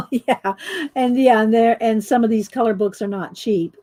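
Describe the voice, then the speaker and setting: Middle-aged lady chatting thru a coloring livestream, mellow tone, laughs a lot. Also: on the high side, unhurried. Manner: chatty, laughs often, greets viewers by name. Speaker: livestream host demonstrating coloring. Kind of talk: casual livestream chat while coloring.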